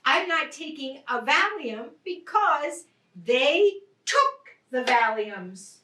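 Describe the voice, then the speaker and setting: An actress playing a frazzled city wife whose home was just robbed, snapping back with sharp, exasperated retorts in a stage play. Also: female voice, sits high, big pitch swings, slow pace, full character voice. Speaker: stage actor. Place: theatre stage. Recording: roomy stage sound from a distant mic.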